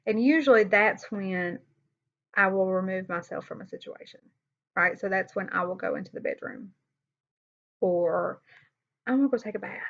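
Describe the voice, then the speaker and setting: A woman's voice: medium pitch, normal speed, pauses often, fairly bright tone. A woman telling a personal story in a candid, conversational vlog, with sighs, fillers and restarts. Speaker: vlogger. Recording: slightly dull lo-fi sound.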